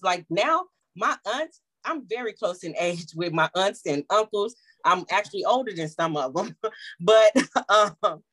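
A woman in her thirties telling a personal family story, bringing the voices of her relatives to life. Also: mid-range voice. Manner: animated, acts out the voices of family members. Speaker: small business owner.

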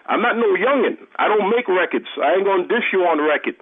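A man on a phone call, answering an accuser in a firm, measured, streetwise way. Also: high voice, expressive, slightly rough. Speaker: rapper, prank call target. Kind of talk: heated phone conversation. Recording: tinny phone line.

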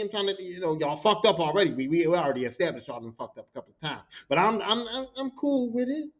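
A man telling work stories on his podcast in a loose, profane, animated way, acting out what others said. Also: sits high, racing, hardly any pauses, dull audio. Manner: profane, animated, acts out quotes. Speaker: podcast host. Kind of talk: casual storytelling monologue.

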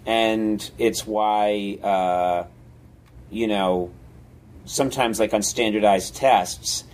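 A man's voice: on the low side, very slow. A man being interviewed as a guest comedian, telling stories animatedly and acting out scenes. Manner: animated, acts out scenes with sudden yelps. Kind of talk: casual interview storytelling.

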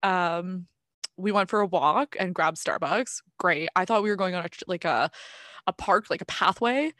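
A woman's voice: on the low side, normal speed, no echo. Young woman, Canadian, chatty co-host, acts out quotes, dry close sound. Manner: animated storyteller who acts out quoted dialogue. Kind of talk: casual chat.

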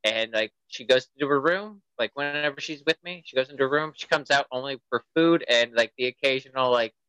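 A man's voice: medium pitch, fairly quick, clear, resonant tone, no room sound, lo-fi sound. A man casually telling a funny story about his teenage daughter, full of "like" fillers. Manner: animated storyteller, lots of "like" fillers. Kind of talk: casual chat.

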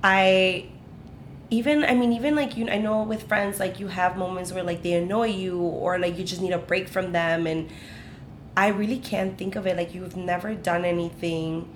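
A young woman talks casually with a close friend, animated and chatty, slipping into quoted voices as she tells stories. She describes her own voice as low, almost like a man's. A faint rumble sits under the recording. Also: moderate pace. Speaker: podcast co-host. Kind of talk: casual chat between friends.

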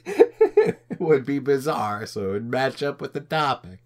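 A man's voice: mid-range voice, sing-song, measured pace. A young man co-hosting a casual chat over a call, teasing and laughing often. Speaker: podcast co-host.

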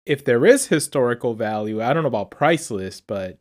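A man's voice: mid-range voice, lively intonation, fairly quick. A man with a mid-range voice talks through a film review podcast in an easygoing, musing way. He drifts into long explanations of old folklore. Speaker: podcast co-host. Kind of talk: casual film review chat.

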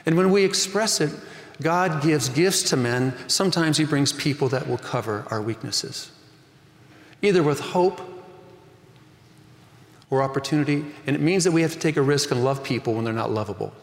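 A man's voice: on the high side, expressive, a little fast, gravelly, pauses often. A man in his fifties, a pastor preaching a sermon with earnest storytelling and rising emphasis. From Northern California. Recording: echoey hall reverb.

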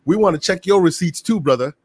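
A man hosting a casual gaming podcast, talking in an animated, chatty way with lots of fillers and restarts. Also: sits high, fast talker, breathy edge, dry recording. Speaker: podcast host.

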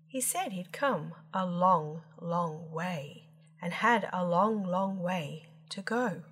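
A woman storyteller reading children's rhyming poems aloud with lilting, playful emphasis. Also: on the low side.

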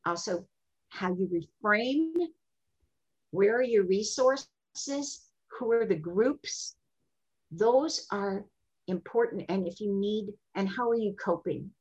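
Husky older woman telling lively stories. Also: slow pace, dull audio. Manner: expressive, jumps into high voices when quoting. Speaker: sexologist and guest. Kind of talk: animated interview storytelling.

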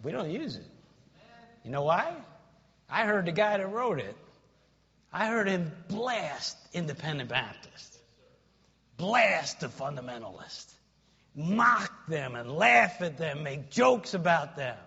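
A man preaching a sermon, swinging between loud shouts and quiet asides. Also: a little high, sing-song, measured pace, gravelly, breathy edge. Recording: dull lo-fi sound in a reverberant hall.

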